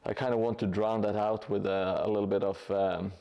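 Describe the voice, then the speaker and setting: A man's voice: on the low side, level tone, brisk, vocal fry, mellow, smooth, lo-fi sound. A man live-streaming his terrain painting in a casual, hesitant way, with many fillers and restarts. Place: home hobby room above a gym.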